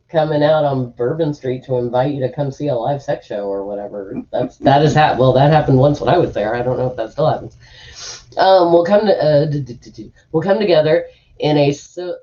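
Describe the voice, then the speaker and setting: A woman's voice: very deep voice, moderate pace, mellow, highs cut off. A woman hosting a stream from a room at home, rambling in casual chat with lots of fillers and asides while reading an article aloud. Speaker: streamer host.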